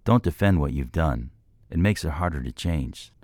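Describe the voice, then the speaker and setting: A man voices a steady male business mentor in an audiobook, lecturing in a measured, firm way. The voice sits very deep and low, and the recording is close and dry. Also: no room sound. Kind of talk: audiobook character voice.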